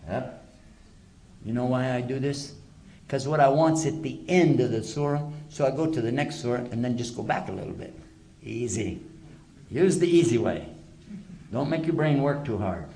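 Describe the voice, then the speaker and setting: A man's voice: medium pitch, lively intonation, normal speed, pauses often, dark tone, slight background noise. A man giving a religious lecture to a live audience, emphatic and full of rhetorical questions. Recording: echoey lecture hall.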